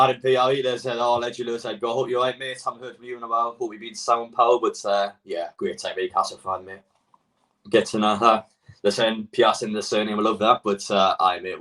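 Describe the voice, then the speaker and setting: Young man, casual live stream, blunt and excitable, mid-pitched voice, sitting back from the mic. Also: recorded from a distance, rough recording. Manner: blunt, excitable, swears freely, reads out chat. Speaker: football fan streamer.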